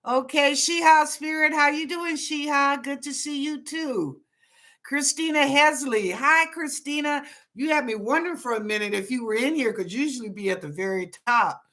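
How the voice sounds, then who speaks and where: Bright-voiced woman hosting psychic readings. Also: sits high, moderate pace. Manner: greets viewers by name, chatty and warm-toned. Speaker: psychic reader and show host. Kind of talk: casual live-stream chat and readings.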